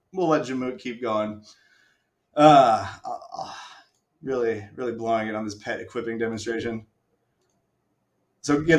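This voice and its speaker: A man's voice: medium pitch, roomy sound. A man hosting a live stream, casually walking viewers through a game demo with self-mocking asides and the odd swear. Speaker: stream host.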